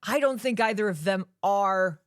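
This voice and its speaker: A woman co-hosting a podcast, chatting about a film in a lively, emphatic way and laughing often. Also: mid-range voice, dry recording, clean studio sound. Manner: animated, emphatic, quick to laugh. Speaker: podcast co-host. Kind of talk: casual movie chat.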